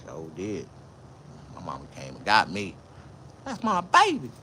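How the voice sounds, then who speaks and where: A boisterous man swaps profane stories in a casual livestream. His voice is bright and swings widely in pitch as he talks. A faint background hum sits under his speech. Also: wildly swooping pitch, a little slow. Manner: loud, profane, boisterous banter. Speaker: vlogger.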